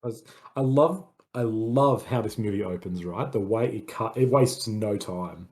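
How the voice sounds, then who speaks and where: A man's voice: on the low side, normal speed, darkish tone. A man co-hosting a casual film review chat, talking enthusiastically and rambling. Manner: enthusiastic, rambling, says "like" a lot. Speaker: podcast co-host, film reviewer.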